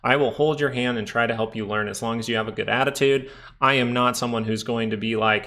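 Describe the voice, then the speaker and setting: A man's voice: mid-range voice, fairly even intonation, a little fast, pushed and bright. A man hosting a live stock market stream, chatting casually as he explains charts and answers viewers, often adding "right?". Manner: chatty, explains while reading viewer chat; frequent tag questions like "right?". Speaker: stock market livestream host.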